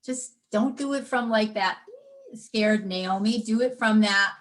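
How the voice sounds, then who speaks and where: A middle-aged woman speaks as a podcast guest, at an ordinary middle pitch for a woman. She tells stories in a casual, animated way and slips into acted little voices when quoting her inner thoughts. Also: a little slow. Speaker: podcast guest, life coach. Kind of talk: conversational interview.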